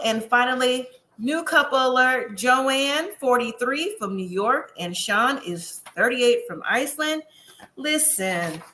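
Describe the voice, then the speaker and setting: A woman's voice: high voice, pushed and bright. A woman from the US West Coast gives a chatty, sassy recap of a reality show and talks straight to her viewers. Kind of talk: casual recap commentary. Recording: echoey room.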